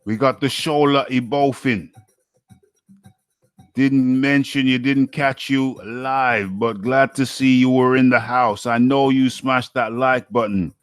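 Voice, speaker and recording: A man's voice: medium pitch, fairly even intonation, slow, smooth, no room sound, studio quality, soft background music. A man from the UK hosting a live boxing talk stream, chatting casually and reading out viewer names and comments.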